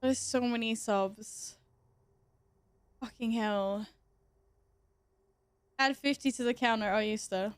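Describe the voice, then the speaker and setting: A woman's voice: a little high, slow, pauses often, smooth, dry recording. A woman streamer chatting casually with her viewers, giggly and exasperated, swearing a lot. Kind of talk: casual livestream chat to viewers.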